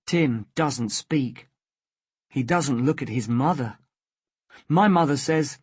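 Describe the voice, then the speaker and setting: A storyteller reads a simple story for beginners at a very slow, careful pace. The voice is husky, and the recording is dry and close. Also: medium pitch, a little mellow, dry recording. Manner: slow, careful, clearly spaced. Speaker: storyteller for English learners. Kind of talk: slow scripted story narration for learners.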